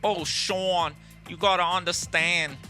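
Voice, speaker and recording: A man mimicking a pushy, insistent female lawyer with a New York accent, his voice pitched well up. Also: steady tone, takes it slowly, sharp tone, soft background music, exaggerated voice.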